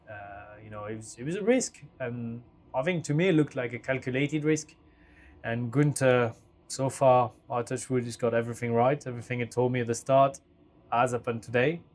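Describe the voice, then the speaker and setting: Guy talking english, 30s, open and chatty, normal pitch, gets animated in stories. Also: a little fast. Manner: candid, animated when telling stories. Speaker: racing driver guest. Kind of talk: interview conversation.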